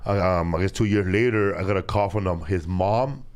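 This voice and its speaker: A man hosting a podcast, telling a story in a halting, rambling way full of fillers. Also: low voice. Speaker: podcast host. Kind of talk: casual chat.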